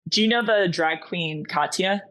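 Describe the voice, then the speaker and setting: Podcast guest: woman from Massachusetts, lowish voice, lively storyteller who acts out every line. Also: moderate pace. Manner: animated storytelling, acting out dialogue. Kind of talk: casual chat.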